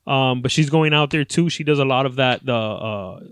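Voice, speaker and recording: A podcast host in his late twenties tells a story on a casual show, swearing a lot, animated and laughing often. His voice is mid-range, smooth, at normal speed, on a dry recording.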